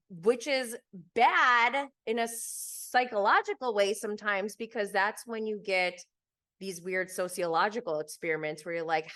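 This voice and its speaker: A woman's voice: fairly low pitch, a bit bright. A woman hosting a podcast, chatting casually and animatedly about reality TV, laughing often and leaning on fillers. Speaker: podcast host. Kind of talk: casual chat recapping reality TV.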